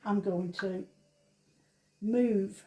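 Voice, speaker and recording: A woman's voice: medium pitch, steady tone, drawn-out words, dark tone, low-quality recording. A woman running a craft demonstration, chatting through each step in a casual, self-deprecating way. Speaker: craft shop owner demonstrating.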